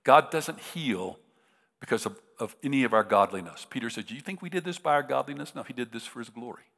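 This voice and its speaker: A man of about seventy, a preacher telling a personal story, halting and restarting, rising into emotional peaks. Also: mid-range voice, gravelly, fairly bright tone. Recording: long reverb of a large hall.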